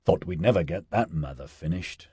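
A man's voice: deep voice, animated, normal speed, mellow, slightly rough, no room sound, studio quality. A man doing a laid-back slangy young dude. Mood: easygoing. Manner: easygoing slangy drawl.

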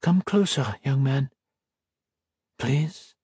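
A man reading the part of an elderly blind priest who speaks softly and slowly. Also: mid-range voice, slightly rough, no room sound, pitched above the performer's own voice, heavily acted. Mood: gentle. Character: elderly blind male priest, gentle, soft-spoken.

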